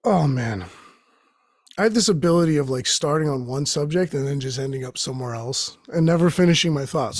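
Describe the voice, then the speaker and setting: A young male host with a high-pitched, slightly husky voice rambles through a profane comic monologue. He jumps from one tangent to the next and slips into quick impressions. The sound is dry and close to the mic. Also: dry recording. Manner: profane, tangent-jumping, acts out quoted voices.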